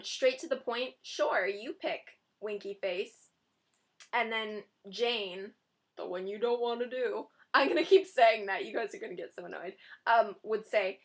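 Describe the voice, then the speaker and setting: A woman's voice: a little high, normal speed. A young woman giving dating advice in a casual, chatty vlog, often giggling and reading out sample text messages.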